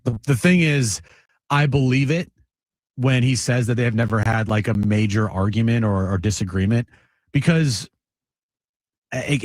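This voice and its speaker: A man co-hosting a sports talk show, telling relaxed stories in casual chat. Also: mid-range voice, no room sound.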